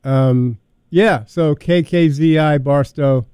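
A hesitant male radio host with a mellow, dark voice and a smooth, clean tone. He speaks a little high and fills his talk with pauses and ums. The sound is dry and close. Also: no room sound. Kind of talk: casual radio chat.

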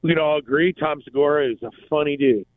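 A man's voice: fairly high pitch, quick pace, no room sound. A male radio co-host telling a long story in casual talk and acting out the quotes. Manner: animated storyteller, acts out quotes. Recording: tinny phone-like band, dry.

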